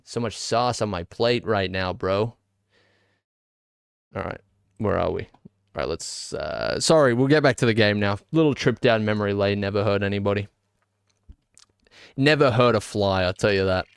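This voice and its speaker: A man's voice: fairly low pitch, moderate pace, gravelly, pauses often, clear, resonant tone, no echo, studio quality. A man with an Australian accent chatting casually while streaming a game, rambling and joking with mock indignation. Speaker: gaming streamer. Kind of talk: casual live-stream chat while playing.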